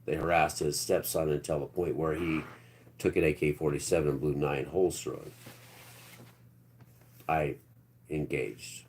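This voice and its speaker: Deep-voiced man in his fifties rambling to live chat. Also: flat delivery, normal speed, pauses often, a little mellow. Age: 50s. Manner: rambling, talks straight to chat, trails off into low mutters. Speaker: livestream host.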